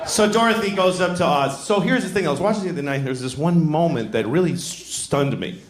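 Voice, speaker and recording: A middle-aged man performing stand-up comedy, telling stories in a blunt, exasperated, deadpan way on a club stage. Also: a little high, a little fast. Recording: roomy club, crowd laughter.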